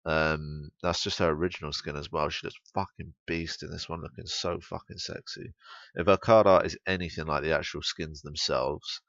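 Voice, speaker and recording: A man's voice: a bass voice, fairly even intonation, normal speed, creaky, fairly bright tone, dry recording, highs cut off. A young English man giving blunt, sweary, rambling commentary on a game patch. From England.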